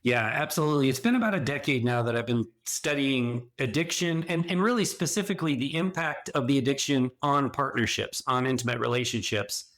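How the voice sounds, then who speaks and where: A man's voice: medium pitch, animated, fairly quick, few pauses, fairly bright tone. A middle-aged man talking earnestly as a podcast guest, explaining at length with frequent restarts. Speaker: podcast guest, addiction and sexual health counselor. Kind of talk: conversational podcast interview.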